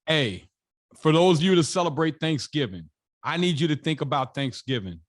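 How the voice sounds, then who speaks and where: A man's voice: on the high side, lively intonation, moderate pace. An American man, a podcast guest and investor, telling stories in a colloquial, emphatic way that repeats phrases for emphasis. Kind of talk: storytelling in an interview.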